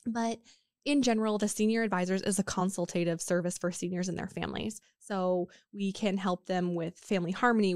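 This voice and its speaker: A chatty woman hosts her podcast in an upbeat, casual way, dropping fillers as she goes. Her voice is worn from being sick. The sound is dry and close, with no room echo. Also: medium pitch. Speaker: podcast host. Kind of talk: casual promotional podcast talk.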